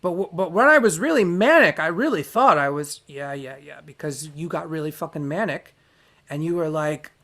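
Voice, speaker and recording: A man's voice: on the high side, animated, moderate pace, fairly bright tone. Man, solo host, loose profane rant, blunt and self-correcting. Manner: profane, ranting, frank; wandering, self-correcting delivery. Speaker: podcast host. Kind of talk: unscripted spoken monologue.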